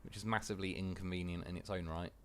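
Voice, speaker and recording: A man's voice: deep voice, fairly even intonation, fast, fairly bright tone, a little hiss or hum. Sweary man chatting while gaming. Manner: sweary, rambling, laughs through anecdotes. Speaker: livestreamer. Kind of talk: casual chat while gaming.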